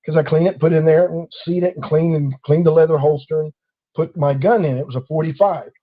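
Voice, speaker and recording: Animated man telling a story. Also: a little high, fast talker, narrow, tinny audio. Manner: animated storyteller acting out quoted officers. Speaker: host. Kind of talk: casual storytelling chat.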